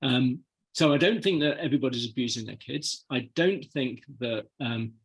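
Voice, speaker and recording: A man's voice: mid-range voice, normal speed, husky. A British man, a professor, answering an audience question at a public talk, emphatic and given to insistent repetition. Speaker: psychology professor giving a talk. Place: meeting hall.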